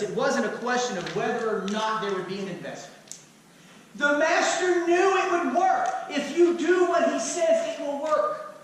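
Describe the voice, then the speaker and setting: A man's voice: very high-pitched, fairly bright tone, slight background noise. A man preaching a sermon as pastor, firing rhetorical questions with touches of humor. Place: church sanctuary. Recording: echoey hall, mic at a distance.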